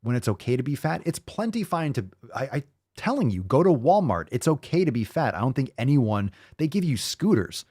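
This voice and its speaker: A man's voice: mid-range voice, big pitch swings, a little fast, warm tone, husky, no room sound, studio quality. A man hosting a show, ranting in profane, sarcastic commentary and mocking the people he quotes. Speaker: host.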